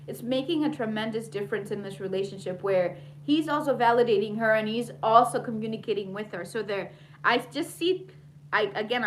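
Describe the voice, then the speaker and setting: Bright-voiced chatty woman vlogger. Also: a little high, slight background noise, rough recording. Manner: chatty, lots of fillers, reads viewer comments aloud. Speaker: TV recap vlogger. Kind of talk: casual recap chat.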